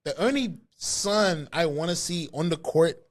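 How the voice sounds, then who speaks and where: A man with a mixed Bermudian and British accent co-hosting a podcast, telling stories in animated, casual chat with free swearing. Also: on the high side, a little slow. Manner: animated storyteller, swears freely. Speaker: podcast co-host.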